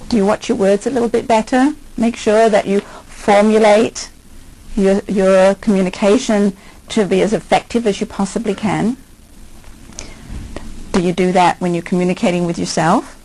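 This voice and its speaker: A woman's voice: medium pitch, vocal fry, a little mellow, breathy edge, low-quality recording. An older woman, a hypnotherapist, giving a conversational lecture and asking her listeners many questions.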